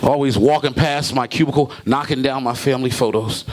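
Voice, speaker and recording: A man doing a stand-up comedy set, jokey and animated, acting out characters in loud bursts. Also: mid-range voice, brisk, noisy background. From Brooklyn, New York.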